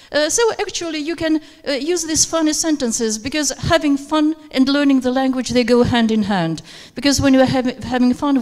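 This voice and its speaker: High-voiced woman running a teacher workshop. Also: darkish tone. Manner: hesitant, many fillers, coaxing participants. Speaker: teacher trainer. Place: conference room with audience. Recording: reverberant hall recording.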